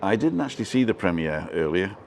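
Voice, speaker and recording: A man's voice: sits low, big pitch swings, a little fast, slight background noise. A man with a relaxing voice, from the UK, hosting a casual live stream and chatting his way through viewer comments.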